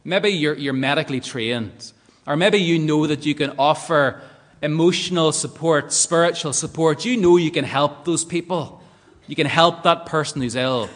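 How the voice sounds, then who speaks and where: A Northern Irish man preaches a sermon, earnest and leaning on rhetorical tag questions. His voice sits a little high for a man. It carries a long reverb from a church hall. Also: moderate pace.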